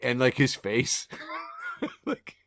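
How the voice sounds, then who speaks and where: A man's voice: mid-range voice, wildly swooping pitch, extremely slow, a bit bright, no room sound, clean studio sound. A man co-hosting a podcast in casual chat, describing memes and laughing often as he reads captions aloud. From Illinois. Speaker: podcast co-host.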